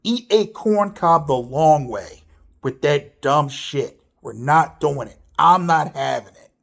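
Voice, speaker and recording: A man's voice: slow, vocal fry. A man ranting to camera about wrestling, swearing freely and sounding exasperated. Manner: lively, swooping pitch. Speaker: wrestling commentator. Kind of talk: opinion rant to camera.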